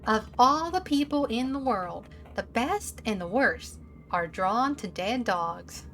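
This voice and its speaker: A woman voicing a stern male police detective who slowly presses a suspect in a game interrogation. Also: fairly high pitch, expressive, a bit bright, soft background music, exaggerated voice. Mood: coaxing. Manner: slow, pressing, accusing.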